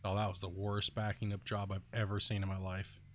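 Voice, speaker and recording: A man's voice: on the low side, completely flat delivery, a little fast, fairly bright tone, a little hiss or hum. A young man with a soothing voice, chatting casually and jokingly with viewers while he plays a game. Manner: laid-back, joking, slangy. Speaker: live streamer.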